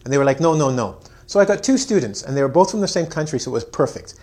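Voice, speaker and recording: A man's voice: medium pitch, animated, rapid-fire, a little mellow. A man teaching an English lesson on video, joking, mocking himself and acting out his students. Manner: playful, self-mocking, acts out students.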